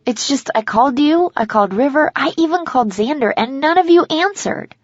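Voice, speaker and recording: A woman's voice: on the high side, normal speed, breathy edge, dry recording, dull audio. A woman voicing an anxious young college girl. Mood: earnest. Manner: earnest, emotional.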